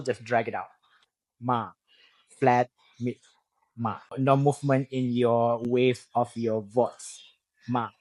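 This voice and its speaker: A man's voice: mid-range voice, no room sound. A man gives a casual spoken language lesson, explaining patiently and drawing out words to show tones. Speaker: language teacher. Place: in Bangkok, Thailand.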